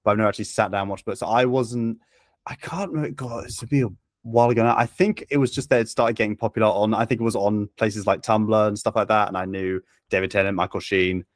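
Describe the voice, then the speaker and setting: A man's voice: on the low side, fairly even intonation, fast talker, no room sound, studio quality. A man as a podcast guest, talking casually in a rambling, hesitant way full of restarts. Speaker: podcast guest, video essayist.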